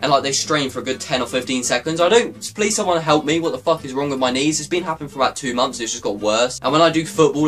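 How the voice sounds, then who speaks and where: A man ranting casually in a vlog, swearing constantly and getting worked up. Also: mid-range voice. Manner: profane, excitable ranting. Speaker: YouTuber.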